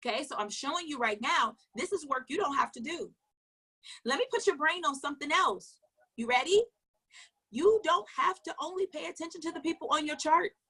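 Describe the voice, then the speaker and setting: A woman with a high, bright voice gives a motivational coaching talk. She talks emphatically, fires question after question, and repeats her points. Now and then she drops into low asides. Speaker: network marketing coach.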